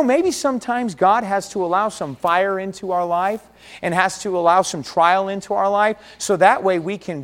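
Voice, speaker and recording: A man preaching a sermon, earnest, with big swings between loud and quiet. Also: high-pitched. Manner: earnest, rises and falls dramatically. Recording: long hall reverb.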